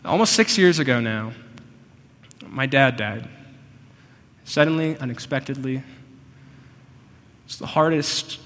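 A man preaching a sermon, earnest and personal, often slowing down to stress a point. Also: medium pitch, a bit bright, big-room sound. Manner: earnest, personal, slows for emphasis. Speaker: pastor.

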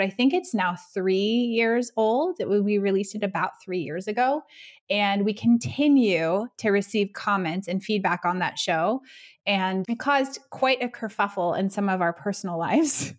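A woman co-hosting a podcast, chatting casually and upbeat, laughing often. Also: medium pitch. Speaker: podcast co-host.

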